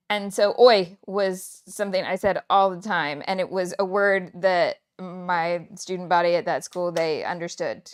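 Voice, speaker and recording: A woman's voice: mid-range voice, creaky, a bit bright. A woman from Kansas hosting a scrapbooking livestream, chatting casually and laughing often as she works. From Kansas, United States. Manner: chatty, laughs often, muses aloud while working. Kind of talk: casual live chat while crafting.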